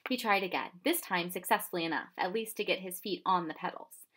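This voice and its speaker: A woman narrating a children's chapter book in a measured, expressive reading. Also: mid-range voice. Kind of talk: storybook narration.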